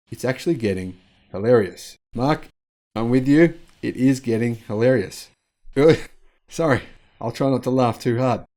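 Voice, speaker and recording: A man hosts a news commentary vlog. He talks in a chatty, sarcastic way, reacting to the news, in a voice of everyday, middling pitch. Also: a little mellow. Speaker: channel host.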